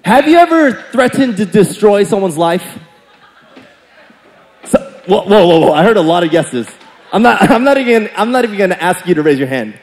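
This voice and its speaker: A young man preaching a sermon as pastor, telling a playful story and acting out quotes with big jumps in pitch and loudness. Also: sing-song, moderate pace. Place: church sanctuary. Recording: church hall with long reverb.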